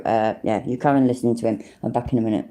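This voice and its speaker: A woman's voice: very deep voice, steady tone, rapid-fire, dark tone, a little hiss or hum. A British woman hosting a casual livestream, chatting to viewers, swearing freely and laughing often. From Britain. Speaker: livestream host.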